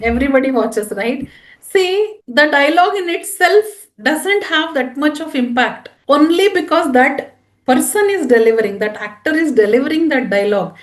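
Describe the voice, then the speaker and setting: A woman's voice: sits high, lively intonation, unhurried. A woman career trainer giving a classroom training talk and asking her audience frequent questions. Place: room with a live audience. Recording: echoey room.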